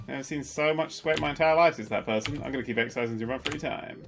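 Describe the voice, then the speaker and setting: Male streamer: jokey, swears a lot, plays with silly accents, yelps loudly when startled. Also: mid-range voice, fast talker, gravelly, a little hiss or hum. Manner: loud excited yelps. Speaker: streamer playing a prison game. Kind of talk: casual livestream commentary.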